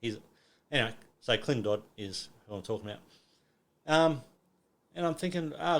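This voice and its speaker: A man's voice: medium pitch, expressive, normal speed, creaky. A middle-aged Australian man telling a story in casual chat, acting out quotes and swearing a lot. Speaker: podcast guest.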